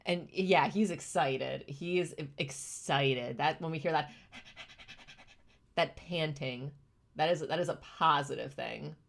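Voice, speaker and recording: Slow, low-voiced young woman streamer. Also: creaky. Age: young adult. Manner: emotional, gushing, often near tears; thoughtful, explaining in plain terms. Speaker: streamer reacting to chimp videos. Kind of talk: casual live-stream commentary.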